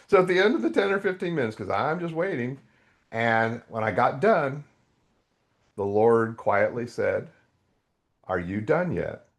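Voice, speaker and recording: In an interview, a middle-aged podcast guest shares his faith story candidly, even reenacting outbursts from his past. His mid-range voice is expressive and moves at a moderate pace.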